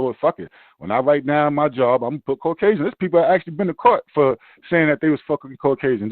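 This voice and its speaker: Brief: fired-up New guy, slightly high voice, dry and tinny sound, swears a lot. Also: dry recording. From Brooklyn, New York. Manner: profane, animated ranting. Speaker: podcast host. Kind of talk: casual chat.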